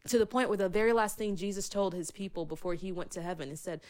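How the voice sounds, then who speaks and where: A woman in casual conversation about faith, fervent and emotional, often dropping to a soft voice to speak God's words. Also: mid-range voice, quick pace, few pauses.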